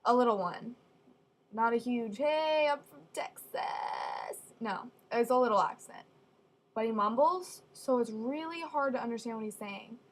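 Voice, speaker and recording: A young woman telling funny stories casually, with deadpan asides. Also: fairly high pitch, moderate pace. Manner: chatty, deadpan asides, acts out quoted voices. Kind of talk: casual storytelling.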